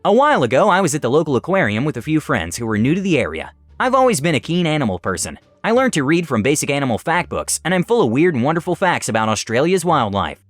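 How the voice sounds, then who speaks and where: A man narrating online stories in an animated, scripted way. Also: on the high side, fast talker, hardly any pauses, no echo, soft background music. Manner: animated storytelling.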